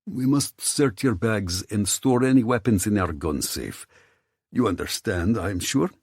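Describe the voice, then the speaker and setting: A male narrator voicing a cold, controlled male crime boss with a foreign accent, measured and quietly commanding. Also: fairly low pitch, animated, husky, dry recording, clean studio sound, pitched above the performer's own voice, heavily acted. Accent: foreign accent under his English.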